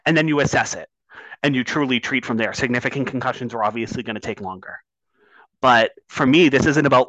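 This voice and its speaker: A man's voice: medium pitch, fairly quick, a bit bright, no room sound, lo-fi sound. A man co-hosts a sports talk show and speaks with growing intensity, sometimes swearing as his point sharpens. His voice sits in an ordinary middle register. It is recorded close and dry, with almost no room sound. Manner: impassioned, swears when worked up. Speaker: podcast co-host.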